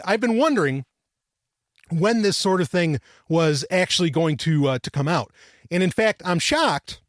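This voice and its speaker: A man hosting a tech podcast, excitable and loud, swearing and laughing as he talks. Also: high voice, no room sound, clean studio sound. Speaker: podcast host. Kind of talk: tech podcast monologue and sponsor read.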